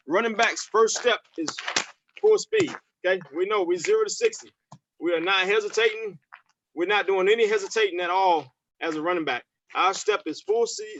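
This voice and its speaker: Energetic high-voiced football coach. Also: male voice, lo-fi sound, background noise. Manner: energetic, repetitive, addresses players as family. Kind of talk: virtual coaching session.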